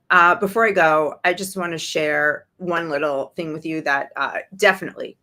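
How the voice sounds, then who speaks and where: A woman's voice: deep voice, normal speed, hardly any pauses, pushed and bright. A woman hosting a livestream show, talking in an indignant, sarcastic way to her viewers. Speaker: show host. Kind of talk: livestream commentary.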